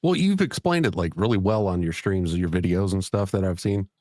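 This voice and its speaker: A man hosting a casual conversation, speaking in a relaxed, agreeable way. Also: sits low, a little fast, no echo, studio quality.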